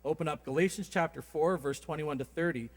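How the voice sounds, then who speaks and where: A man delivers a sermon with relaxed, lively storytelling and a touch of humor. His voice sits a little high for a man. The sound carries the long reverb of a church sanctuary. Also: fairly quick. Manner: conversational, animated storytelling with humor. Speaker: preacher.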